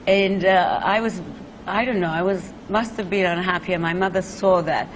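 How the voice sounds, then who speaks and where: A woman's voice: lowish voice, fairly even intonation, normal speed, slight background noise, rough recording. A Welsh woman, a singer, chatting as a guest in a television studio interview, telling stories with many fillers and laughs. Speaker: singer as talk show guest.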